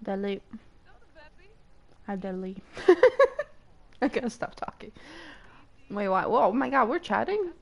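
Brief: young woman streamer, excitable and swearing a lot; gravelly, swings wide in pitch. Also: slow pace, pauses often. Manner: excitable, squeals and laughs, swears freely. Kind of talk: casual live-stream chat with viewers.

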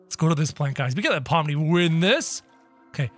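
A man with a high, very lively voice gives playful let's-play commentary, chatting to his viewers as he plays. His pitch swoops up and down, with faint music behind him. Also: brisk. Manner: excitable, playful, talks to viewers. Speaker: gameplay video creator.

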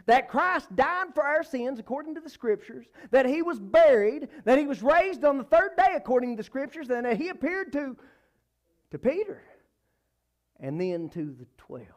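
A man preaching a church sermon, emphatic, repeating phrases and swinging between loud and soft. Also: very animated, normal speed. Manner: emphatic, repeats phrases, rises and falls in pitch and volume.

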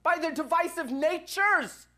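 A woman's voice: very high voice, measured pace. A woman youth minister preaching a church sermon, telling stories and acting out the dialogue in them. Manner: animated storytelling, acts out quoted dialogue.

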